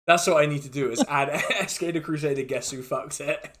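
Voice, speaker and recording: Bright-voiced, chuckling dungeon master. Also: male voice, on the high side, a little fast. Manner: chuckling often, loose and rambling with many fillers. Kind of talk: narrating a tabletop game.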